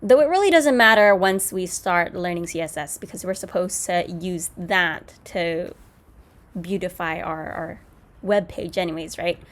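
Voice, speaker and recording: A woman's voice: lowish voice, measured pace. A woman hosting a coding tutorial, explaining each step in a casual way with fillers and self-corrections. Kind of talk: screen-recorded coding lesson.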